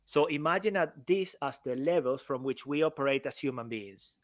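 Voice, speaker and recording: A man's voice: on the high side, expressive, moderate pace, dry recording. A man co-hosting a podcast, giving an upbeat sponsor plug and explaining a speaking framework. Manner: upbeat promo patter, then explaining a framework. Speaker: podcast co-host. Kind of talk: podcast conversation.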